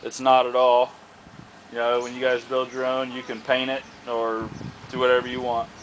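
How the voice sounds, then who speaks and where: A hobbyist vlogger rambles outdoors about a homemade target stand, using many fillers and often starting over. His mid-range voice is monotone at a moderate pace. The audio is poor, with a little hiss or hum.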